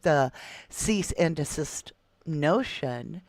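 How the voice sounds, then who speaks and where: A woman's voice: deep voice, expressive, very slow, a little mellow, dry recording. A middle-aged woman hosts a true crime livestream, reading viewer comments and calling them love and sweetheart.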